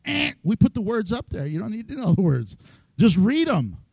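A middle-aged man preaching a lively, joking sermon as pastor, acting out quoted voices. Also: sits high, normal speed, gravelly, breathy edge, no echo, low-quality recording.

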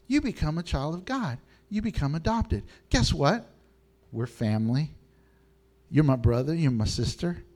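A middle-aged man preaching a sermon to his congregation in an animated way, laughing often and swinging between low and high tones. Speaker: pastor.

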